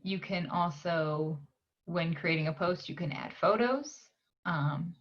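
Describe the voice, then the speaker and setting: Library tutor, woman, lowish voice; slow screen-share walkthrough with frequent "um" pauses; slightly dull lo-fi recording. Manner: unhurried, frequent "um" pauses while clicking.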